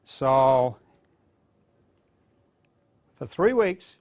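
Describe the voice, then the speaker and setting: A man's voice: mid-range voice, very animated, extremely slow, a little mellow, muffled recording. An older man from Maine, a veteran speaking to students, telling folksy stories in a rambling, casual way. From Maine, USA. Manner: rambling, folksy anecdotes with restarts.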